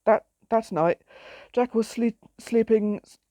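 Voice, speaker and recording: Mellow woman reading a story. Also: fairly high pitch, slow pace, dry recording. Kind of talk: reading her own story aloud.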